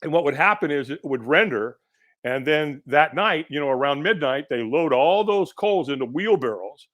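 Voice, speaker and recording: A middle-aged man, a podcast guest, telling a personal story in an animated way and acting out the people in it. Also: a little high, moderate pace, highs cut off. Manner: animated storyteller who acts out quoted voices.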